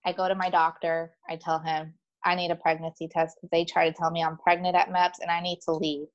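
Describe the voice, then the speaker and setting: On a lo-fi recording, a woman with a fairly low-pitched voice speaks briskly as a guest, recounting her own experiences in casual talk. She's animated and chatty, leaning on plenty of fillers and imitating the people she mentions.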